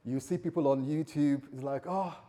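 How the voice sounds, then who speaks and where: A man's voice: medium pitch, expressive, moderate pace, darkish tone. Jokey conversational male pastor. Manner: conversational, jokey, laughs at himself. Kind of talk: sermon.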